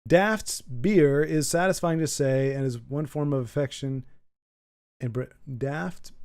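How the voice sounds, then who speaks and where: An American livestream host reads his chat out loud and thinks as he goes, rambling and repeating words frequently. He speaks slowly in a medium-pitched voice with a darkish tone.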